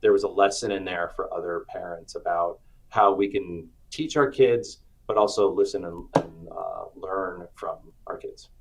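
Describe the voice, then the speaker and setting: Low husky-voiced man telling stories. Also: moderate pace, low-quality recording. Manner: animated storyteller, acts out quotes. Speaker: author and guest. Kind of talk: storytelling interview chat.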